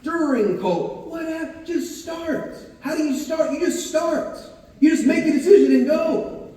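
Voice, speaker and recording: A man giving an energetic, punchy motivational talk to a live audience and drawing answers from the crowd. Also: high voice. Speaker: motivational speaker. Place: large hall with a live audience. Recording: echoey hall, voice far from the mic.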